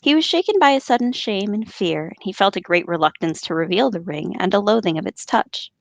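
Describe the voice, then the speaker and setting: A woman's voice: animated, a little fast, creaky, no echo. Dry-miked woman, joking podcast reader. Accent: Colorado. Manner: joking, reads narration in a lower solemn voice. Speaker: podcast co-host reading aloud. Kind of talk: casual chat and book read-aloud.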